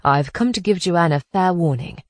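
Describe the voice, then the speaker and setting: A woman's voice: on the low side, lively intonation, normal speed, no room sound, studio quality, close to an everyday voice. A woman narrator voicing an easygoing older man with a cane in an audiobook.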